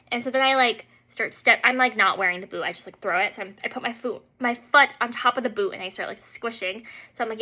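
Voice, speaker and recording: A woman's voice: on the high side, fast talker, sharp tone. A woman beauty vlogger telling a story in a casual, chatty way, full of "like" fillers and acting out her own reactions.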